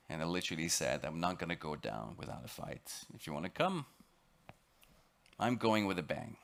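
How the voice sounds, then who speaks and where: Expedition lecturer, male, French accent, deep voice, dramatic motivational storytelling with halting repeats. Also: a bit bright. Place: lecture on a cruise ship.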